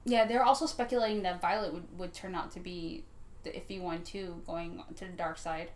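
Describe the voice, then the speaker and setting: A woman's voice: on the low side, fairly even intonation, moderate pace. A woman chatting casually as a podcast co-host, chatty and enthusiastic. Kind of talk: casual chat.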